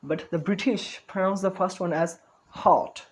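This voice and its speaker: A man's voice: high-pitched, expressive, unhurried, low-quality recording. A man giving an online spoken English lesson, talking carefully, repeating words and correcting himself as he goes.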